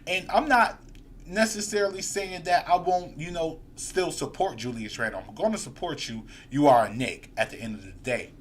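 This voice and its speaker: A man's voice: on the high side, normal speed, slight background noise. A man hosting a live sports fan stream, ranting heatedly and reading viewer comments aloud. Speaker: podcast host.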